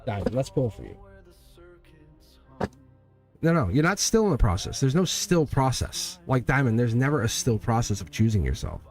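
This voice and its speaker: Guy in his 40s doing a live tarot stream, emphatic and rambly, bit of quiet music behind. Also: mid-range voice, big pitch swings, moderate pace, long pauses. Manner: emphatic, rambling, laughs between points. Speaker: tarot reader and livestream host.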